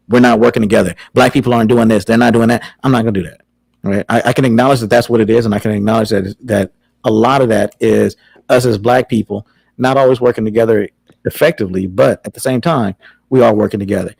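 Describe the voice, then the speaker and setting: A man's voice: on the low side, vocal fry, a little mellow, husky, dry recording, rough recording. A man hosting a casual call-in talk show, rambling and conversational with plenty of filler words. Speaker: podcast host.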